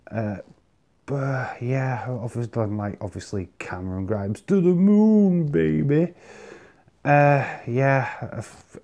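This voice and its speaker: A man's voice: on the low side, dark tone. A man hosting his own vlog, chatting casually and confidently giving his predictions. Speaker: wrestling vlog host. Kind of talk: casual solo commentary.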